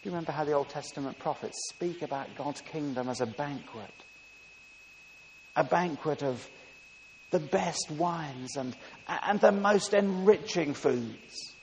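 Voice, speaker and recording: A man preaching a sermon with emphatic delivery, dropping soft and rising loud. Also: on the high side, measured pace. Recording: long reverb with faint hiss.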